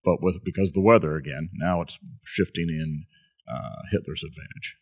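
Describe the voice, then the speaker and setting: Deep husky man in conversation. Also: normal speed. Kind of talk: casual conversation.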